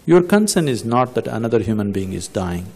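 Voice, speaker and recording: A man's voice: lowish voice, sing-song, fairly quick, darkish tone. A man with an Indian accent giving a spiritual talk, asking probing rhetorical questions and telling stories. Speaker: spiritual teacher. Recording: long hall reverb.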